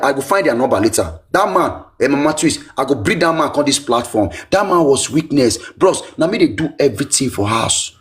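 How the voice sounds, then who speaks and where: A man with a Nigerian Pidgin accent, telling his own life story in an emotional, repetitive way. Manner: animated, pitch swinging high and low, repetitive.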